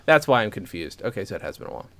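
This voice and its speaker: A man hosting a podcast, chatting excitedly and swearing as he retells a story. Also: fairly low pitch, rapid-fire. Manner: excitable, swears, quotes others with "I'm like". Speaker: podcast host. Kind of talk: casual chat.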